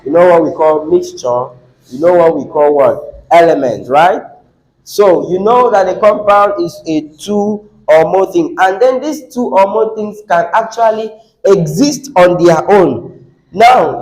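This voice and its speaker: A man's voice: high-pitched, measured pace, a little mellow, rough recording. A man teaching an exam class, asking the students rhetorical questions and repeating words for emphasis. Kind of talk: classroom lecture.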